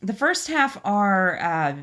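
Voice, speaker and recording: A woman's voice: mid-range voice, slow. A woman co-hosting a podcast, chatting casually and reading out funny stories with frequent giggles. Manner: giggly, animated storyteller. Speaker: podcast co-host.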